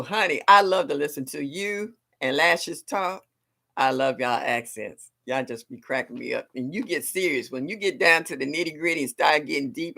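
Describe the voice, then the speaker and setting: A middle-aged woman hosts a casual gardening livestream, responding animatedly to viewers and laughing often. Her voice is low-pitched and gravelly, and she talks at a moderate pace.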